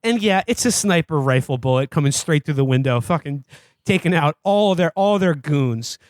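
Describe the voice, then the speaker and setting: A man co-hosting a podcast, recapping a movie in a profane, animated way and mocking the characters in put-on voices. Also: fairly high pitch, normal speed, dry recording, clean studio sound. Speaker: podcast co-host. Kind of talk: casual comedic movie recap.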